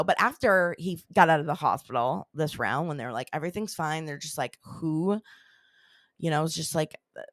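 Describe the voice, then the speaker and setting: Woman, podcast host, casual storytelling, rambling, lots of fillers, low voice, dry sound. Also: no echo. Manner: rambling, heavy use of "like" and "you know".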